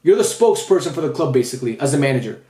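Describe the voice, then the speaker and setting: Fast-talking frustrated young man ranting. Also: medium pitch, sing-song, mellow, reverberant. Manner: frustrated, repetitive, swearing. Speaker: football fan vlogger. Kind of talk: post-match rant.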